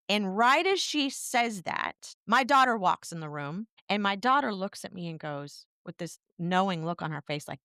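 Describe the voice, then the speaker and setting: Smooth-voiced woman telling a candid story. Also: mid-range voice, animated, moderate pace, few pauses, bright, forceful tone, dry recording, studio quality. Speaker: podcast co-host. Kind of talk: personal storytelling conversation.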